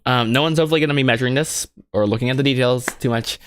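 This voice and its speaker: An animator streams his film work, thinking aloud casually while modeling at his computer, rambling and making jokey, self-mocking asides to himself. His mid-range voice comes rapid-fire with a clean tone, and the recording is dry.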